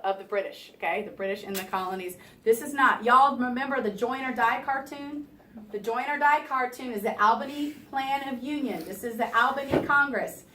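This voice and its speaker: A woman teacher giving a classroom review lesson, lively and engaging her students with frequent questions and asides. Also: fairly high pitch. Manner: lively, talks to students, keeps asking "right?". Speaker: history teacher. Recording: echoey classroom, from far off, faint room noise.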